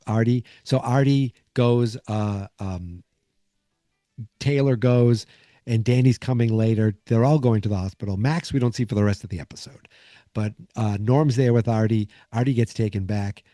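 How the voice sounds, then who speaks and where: A man's voice: mid-range voice, mellow, no echo, studio quality. A man hosting a podcast, casually recapping a sitcom episode in a rambling way, acting out bits of dialogue along the way. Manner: rambling, acts out quotes from the episode. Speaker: podcast host.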